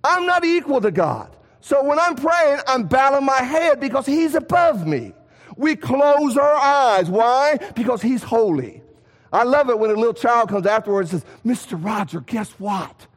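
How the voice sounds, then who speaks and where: A man preaching a sermon in a church, animated, asking rhetorical questions and swinging between loud and soft. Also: very high voice, moderate pace. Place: church sanctuary. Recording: long hall reverb.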